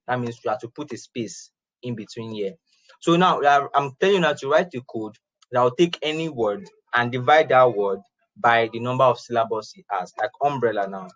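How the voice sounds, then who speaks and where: Man, casual coding lecture, repeats himself, average pitch, dry close sound. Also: no room sound, rough recording. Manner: chatty, repeats and restarts phrases, laughs often. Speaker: programming instructor. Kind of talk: informal classroom lecture.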